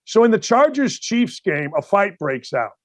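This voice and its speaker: A middle-aged man hosting a sports talk show, ranting bluntly and loudly with plenty of exasperation, speaking into a studio mic toward the camera. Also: high-pitched, sing-song, moderate pace, dry recording. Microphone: studio mic facing camera.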